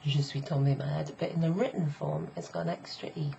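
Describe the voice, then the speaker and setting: A middle-aged woman teaching a casual online French lesson, chatty and explaining step by step while repeating phrases slowly. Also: sits low, steady tone, gravelly. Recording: slightly dull lo-fi sound with faint noise.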